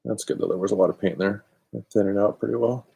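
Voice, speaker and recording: A deep, mellow-toned man rambles through a casual craft live stream. He talks loosely and good-naturedly, poking fun at himself. His voice comes through a built-in laptop microphone in a chilly garage. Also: steady tone, quick pace, creaky, breathy edge. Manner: rambling, chatty, self-deprecating. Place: cold home garage. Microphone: built-in computer microphone.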